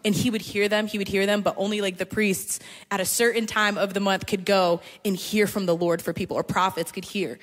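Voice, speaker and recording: A woman's voice: mid-range voice, steady tone. A woman on a panel giving casual encouragement about faith in a playful, chatty way. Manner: playful and chatty, quick to laugh. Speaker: panel guest. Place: large hall at a live church gathering. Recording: long hall reverb.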